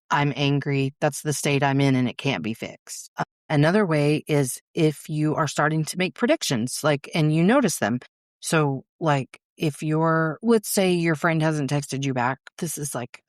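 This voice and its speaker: Here a podcast host, a woman whose voice sits low, runs her show alone in a dry, clean studio recording. Her delivery is loose and candid, full of swearing, with her inner monologue performed in brief quoted bits.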